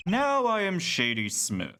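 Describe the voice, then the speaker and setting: A man's voice: high voice, huge pitch swings, measured pace, bright, forceful tone, slight background noise, exaggerated voice. A man voicing a mysterious male stage magician in disguise, reading the lines in a grave, theatrical, formal way. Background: game music.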